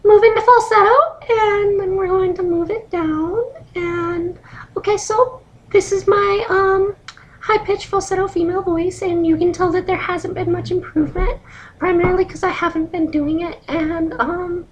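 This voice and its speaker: A young woman demonstrating a squeaky, strained falsetto practice voice, halting with ums and cracking. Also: steady tone, a little hiss or hum.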